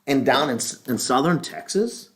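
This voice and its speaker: A man's voice: medium pitch, expressive, normal speed. A middle-aged man, a pastor, teaching a leadership class in a casual, rambling, joking way with many restarts.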